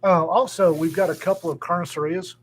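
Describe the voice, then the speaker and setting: A man's voice: high voice, steady tone, fairly quick, slight background noise. A man chatting casually as a podcast co-host, rambling with many restarts. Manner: rambling, frequent restarts and fillers. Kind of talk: casual chat.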